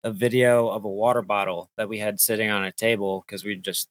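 A man hosting a casual conversation, relaxed as he tells a story. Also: fairly low pitch, brisk. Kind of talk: casual chat.

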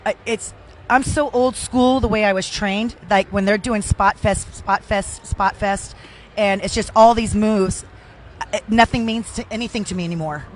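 An older woman talking casually as a guest, chatty and openly emotional, poking fun at herself. Her voice sits at a middle pitch and swings up and down as she tells stories. A faint hiss runs underneath. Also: normal speed. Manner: chatty, emotional, self-deprecating. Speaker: podcast guest. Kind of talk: casual chat.

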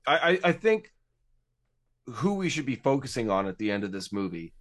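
A man's voice: medium pitch, sing-song, normal speed, a bit bright. A man co-hosting a casual podcast, easygoing, laughing along and steering the talk. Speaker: podcast co-host.

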